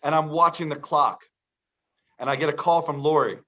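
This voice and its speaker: A man's voice: a little high, animated, moderate pace, a bit bright. Man telling a chatty business story. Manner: chatty storytelling with quoted dialogue. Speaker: entrepreneur guest. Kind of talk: casual anecdote. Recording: dull lo-fi sound.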